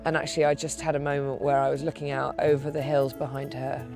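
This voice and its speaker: A woman's voice: extremely low pitch, flat delivery, fast talker, creaky, music in the background. A woman co-presenting a travel webisode, speaking earnestly and emotionally in casual chat.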